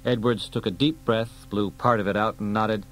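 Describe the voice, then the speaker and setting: A man reading an audiobook aloud in a steady storytelling delivery. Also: on the low side, moderate pace, a little hiss or hum, low-quality recording. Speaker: audiobook reader. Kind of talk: audiobook narration.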